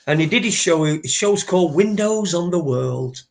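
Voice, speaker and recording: A man from the north of England chats casually on a live stream. He rambles, swears freely and keeps restarting his sentences, in a voice that sits a little high for a man. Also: lively intonation, normal speed, gravelly. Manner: rambling, swears a lot, many fillers and restarts. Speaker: co-host.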